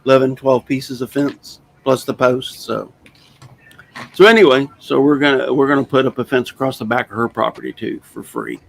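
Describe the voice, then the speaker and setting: A man's voice: mid-range voice, animated, brisk, vocal fry, hardly any pauses, slight background noise, low-quality recording. A man in his sixties hosting a casual chat show, telling a rambling, plainspoken story in a folksy way. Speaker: host.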